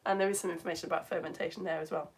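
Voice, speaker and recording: A woman's voice: on the low side, fairly even intonation, rapid-fire, creaky, breathy edge. A British woman hosting a live children's science show, cheerfully reading out viewers' comments in a bubbly, exclamatory, chatty way.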